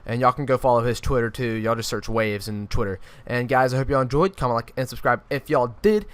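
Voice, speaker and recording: Animated teen guy telling a story. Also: mid-range voice, brisk, clean tone. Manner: animated storytelling with frequent restarts. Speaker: YouTuber. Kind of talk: storytime vlog.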